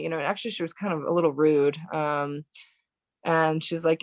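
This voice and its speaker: A young American woman, a podcast guest, recounting a painful day in a halting way with many fillers and restarts. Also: low-pitched, flat delivery, no echo. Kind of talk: emotional personal recollection.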